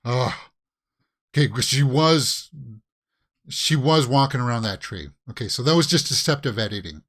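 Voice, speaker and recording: A man doing casual watch-along commentary at a medium pitch. His voice is very lively and climbs sharply whenever he gets exasperated and fires off the same question again and again. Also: normal speed. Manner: animated, exasperated rants with repeated questions. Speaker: reaction video host.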